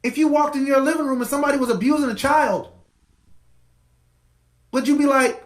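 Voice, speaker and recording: A man's voice: extremely high pitch, fairly even intonation, brisk, long pauses, roomy sound, poor audio. A man hosting a podcast, delivering an impassioned commentary monologue with emphatic repetition. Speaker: podcast host.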